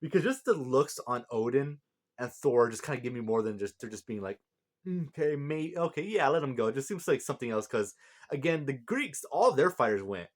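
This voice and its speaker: A man's voice: mid-range voice, expressive, a little fast. A man giving a casual, rambling breakdown of a manga chapter, reading out lines and often laughing. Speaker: manga reviewer.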